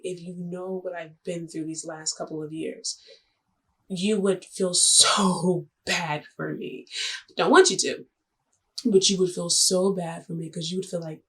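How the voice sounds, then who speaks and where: A young woman with a husky, slightly low voice tells a personal story straight to the camera. Her delivery is chatty and a little dramatic, with jokey asides and quick shifts. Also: a bit bright. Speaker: vlogger.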